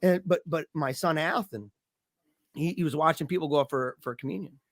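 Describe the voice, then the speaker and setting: A lively man on a podcast tells a long story from his own life in a loose, chatty way, and he plays out what each person said with his voice. He has a slightly high voice for a man. The sound is dry and close, with no room echo. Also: fairly quick. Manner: animated, acts out the voices in his stories. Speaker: podcast guest. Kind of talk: casual storytelling in conversation.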